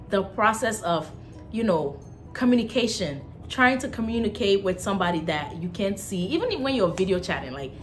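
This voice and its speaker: Woman, Nigerian accent, casual vlog chat, emphatic pitch jumps, lots of fillers, faint music underneath. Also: a bit bright. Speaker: vlogger.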